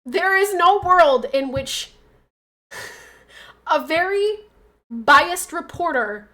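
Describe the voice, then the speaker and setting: A woman's voice: sits high, a bit bright. A woman livestreaming from home in a casual chat, arguing back at her chat with emphatic, insistent points.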